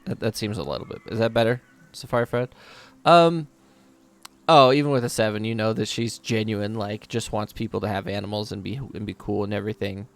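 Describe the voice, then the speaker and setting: A man's voice: on the low side, steady tone, fairly quick, vocal fry. A man narrating as game master in a tabletop game, casual and laughing, with lots of fillers.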